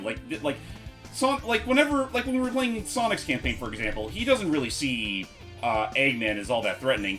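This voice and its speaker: A man's voice: medium pitch, bright, forceful tone. A man hosting a casual game playthrough, chatty and trailing off into fillers as he explains. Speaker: let's play host. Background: game music with guitar.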